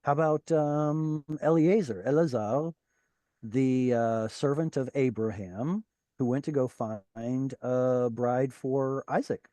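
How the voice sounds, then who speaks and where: A man teaching an online class over a video call, explaining patiently and pausing often with fillers and restarts. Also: medium pitch, dark tone, no room sound. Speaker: Hebrew teacher.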